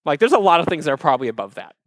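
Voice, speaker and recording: A man from Iowa, telling a personal story to a live audience in a conversational way, with asides to the crowd and animated retellings of his childhood panic. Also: fairly high pitch, very fast, dry recording, clean studio sound. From Iowa, USA. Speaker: speaker addressing a live audience.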